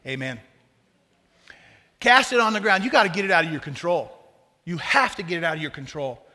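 A man preaching a sermon as pastor, talking to the congregation in a conversational, joking way with lively asides. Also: on the high side, brisk, long reverb tail.

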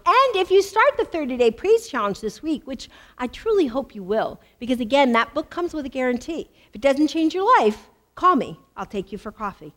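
A middle-aged woman from the United States preaching to a women's gathering. She tells her story in lively bursts, stacks up repeated phrases for emphasis, and her voice sits a little high. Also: moderate pace, hardly any pauses. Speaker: women's ministry speaker. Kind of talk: sermon with personal testimony.

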